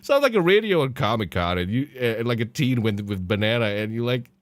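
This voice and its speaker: A man's voice: mid-range voice, big pitch swings, a little fast, no room sound. A man hosting a podcast, reacting to clips with mocking laughter and swearing. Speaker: podcast host. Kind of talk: casual commentary on clips.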